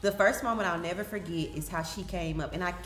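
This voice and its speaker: A woman's voice: fairly low pitch, quick pace, reverberant, soft background music. A woman who leads a ministry, hosting a casual group conversation and telling stories with lots of laughter. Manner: animated, laughing storyteller. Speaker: ministry leader hosting a reunion.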